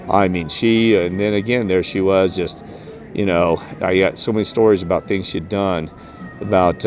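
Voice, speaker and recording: A man vlogging a rambling personal story about spirits, emphatic and jumping up in pitch when he quotes himself. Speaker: paranormal vlogger.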